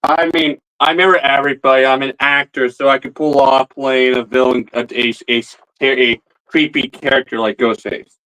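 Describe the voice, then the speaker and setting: A man's voice: mid-range voice, little pitch movement, moderate pace, sharp tone, rough recording. A man talking to camera in a rambling comedy vlog, stammering and repeating words as he goes.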